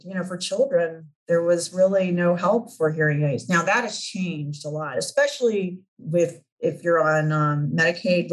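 Lively woman guest telling her story. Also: fairly low pitch, poor audio. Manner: animated storyteller who acts out remembered dialogue, laughs often. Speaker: interview guest. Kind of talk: storytelling in a conversational interview.

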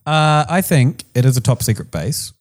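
A man trading dry, wry quips on a podcast. His pitch swings widely as he talks, which makes him sound animated. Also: moderate pace. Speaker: podcast co-host. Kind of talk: casual conspiracy chat.

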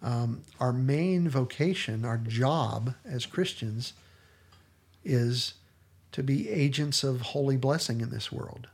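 Male podcast host, mid-pitched, gravelly and slightly raspy, earnest and enthusiastic in casual talk. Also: expressive, slow, darkish tone.

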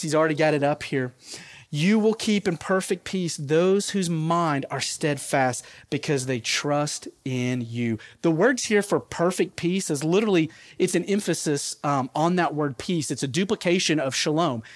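Higher-voiced man preaching conversationally. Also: moderate pace, no echo. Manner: conversational, laughs at own asides. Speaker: pastor. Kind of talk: sermon.

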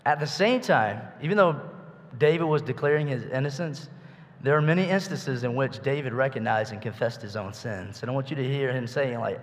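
A man's voice: mid-range voice, brisk. A man preaching a sermon in a conversational way, asking his listeners rhetorical questions. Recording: echoey hall with long reverb.

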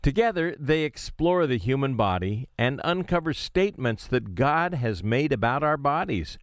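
A man's voice: mid-range voice, very animated, normal speed, dry recording. A man announcing the close of a radio program with upbeat, scripted delivery. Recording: dry studio sound.

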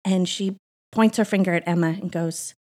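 Animated storytelling woman, laughing often. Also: fairly low pitch, moderate pace. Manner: animated, laughs often, acts out quoted voices. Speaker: co-pastor and podcast guest. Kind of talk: casual storytelling interview. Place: Austin church setting. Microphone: microphone on her.

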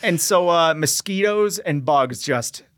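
Slowly and in a voice on the high side, a young man shares a story during a relaxed interview. He's a veteran entrepreneur appearing as a guest, and he animatedly acts out radio exchanges.

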